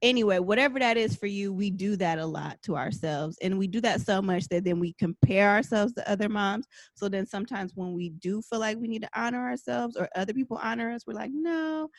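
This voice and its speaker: A woman's voice: medium pitch, brisk, few pauses, no echo. A young pregnant woman co-hosting a casual chat show, telling frank self-deprecating stories about motherhood. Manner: candid, self-deprecating storyteller. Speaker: podcast co-host.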